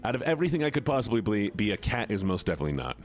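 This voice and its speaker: A man's voice: fairly low pitch, big pitch swings, very fast, faint music behind. A man streaming a game and chatting casually with his viewers in a playful, rambling way, often repeating words. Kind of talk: casual live-stream chat while gaming.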